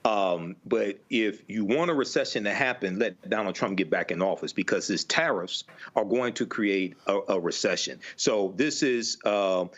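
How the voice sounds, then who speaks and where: Male panel guest, low voice, stop-start delivery, muffled remote audio. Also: fairly bright tone. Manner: halting, with many fillers and restarts. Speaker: political commentator. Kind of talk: panel discussion.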